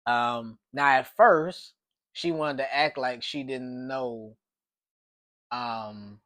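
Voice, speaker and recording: A man's voice: medium pitch, drawn-out words, a bit bright, dry recording. A man telling a personal story in a casual, rambling way, with frequent restarts and repeated words.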